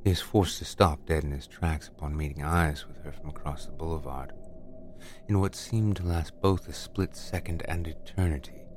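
Deep-voiced man narrating a horror tale. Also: background noise. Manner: measured, deliberate, dramatic. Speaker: storyteller. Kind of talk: scripted horror story narration.

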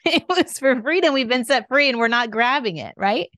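A woman's voice: high voice, expressive, moderate pace, a bit bright, no echo. A woman co-hosting a faith conversation, talking in a candid, reflective, questioning way. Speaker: co-host. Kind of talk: faith-based podcast conversation.

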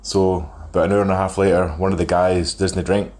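This voice note comes from a man in his thirties whose low-pitched, darkish voice holds a level tone at a brisk clip. He tells a long, wandering story casually, laughing softly throughout.

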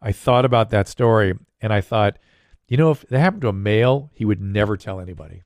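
A man's voice: lowish voice, expressive, brisk, a little mellow, dry recording, clean studio sound. An older man hosting a casual podcast, a doctor who explains medical points plainly while answering listener questions.

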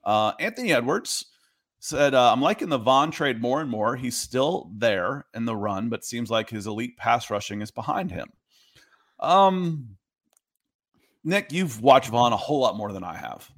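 A man with an ordinary mid-range voice co-hosting a sports podcast. He drifts into chatty stories and asides in relaxed conversation. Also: mid-range voice, unhurried. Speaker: podcast co-host. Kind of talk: casual sports talk. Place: Atlanta.

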